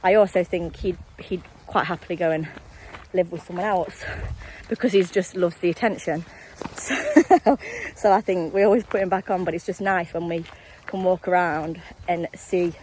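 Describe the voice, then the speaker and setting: A woman's voice: on the low side, moderate pace, a little mellow, a little hiss or hum, rough recording. A young woman vlogging casually on a countryside walk, rambling to her viewers and slightly out of breath. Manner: rambling, friendly, talks to viewers directly. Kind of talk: casual chatty vlog while walking.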